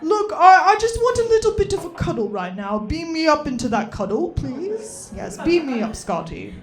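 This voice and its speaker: A woman voicing her pet cat as a polite, fussy British gentleman who keeps apologising while demanding things. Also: high voice, very animated, moderate pace, reverberant, crowd noise, pitched above the performer's own voice. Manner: overly apologetic and entitled. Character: prim polite British male house cat.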